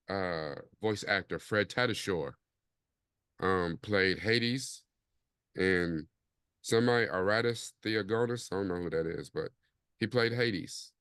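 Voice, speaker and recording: A man with a lowish, smooth, resonant voice hosts a casual podcast, talking in a relaxed, rambling way. He leans on fillers often, and the close mic sounds dry. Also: no echo. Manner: laid-back, rambling, frequent fillers. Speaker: podcast host.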